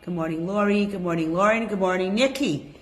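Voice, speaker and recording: A woman's voice: medium pitch, fairly quick. A woman teaching a women's class online, chatting and greeting each attendee by name. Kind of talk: casual online class talk.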